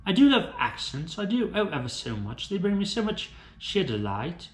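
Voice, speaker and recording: A man voicing a prissy posh English gentleman with a British RP accent and an affected manner. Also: high-pitched, very animated, moderate pace, reverberant, voice pushed up. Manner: affected, fussy.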